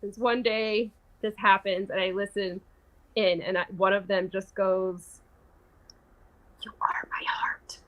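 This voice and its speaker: A woman's voice: mid-range voice, level tone, a little slow, dull audio. Chatty woman on a video call. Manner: chatty storyteller, laughs often. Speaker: guest. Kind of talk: casual chat.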